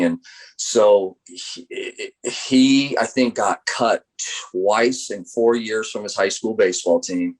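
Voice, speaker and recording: This middle-aged American college baseball coach tells stories in an interview, animatedly acting out the voices of the people he quotes. He speaks slowly in a lowish voice.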